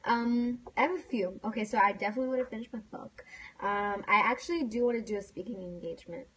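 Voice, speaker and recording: A woman's voice: fairly high pitch, fast, a bit bright, slightly rough, rough recording. A young woman co-hosting a casual live-stream chat, hesitant and giggly with many fillers. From United States. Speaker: co-host.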